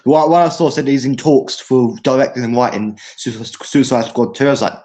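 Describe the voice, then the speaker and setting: A man's voice: mid-range voice, moderate pace, warm tone. A young man co-hosting a casual podcast, blunt and joking, swearing heavily. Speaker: podcast co-host. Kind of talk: casual chat.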